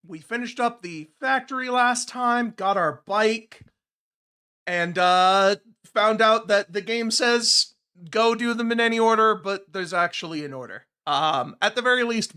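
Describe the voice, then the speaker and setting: A man's voice: sits high, a little slow, bright, forceful tone, smooth. A man casually chatting with viewers while streaming a game, sarcastic and easily exasperated. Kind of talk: casual gameplay livestream chat.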